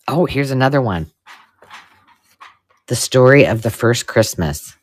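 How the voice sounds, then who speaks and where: Unboxing vintage paper live for her craft channel, this middle-aged woman sounds excitable and gushing, her pitch swooping up and down. Her pace is measured with long pauses, and her casual chatter sometimes falls to awed, hushed murmurs.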